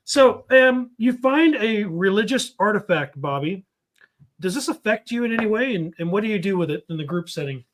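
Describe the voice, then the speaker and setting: A man hosting a casual group chat over a card game, joking and teasing loudly. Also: high voice, animated. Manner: joking, loud teasing, quick to laugh. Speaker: host.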